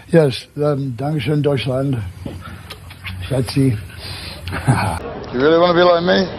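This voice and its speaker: A man, a rock musician, trading dry gravelly jokes in archive interview clips. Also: mid-range voice, poor audio. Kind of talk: joking archive interview bits.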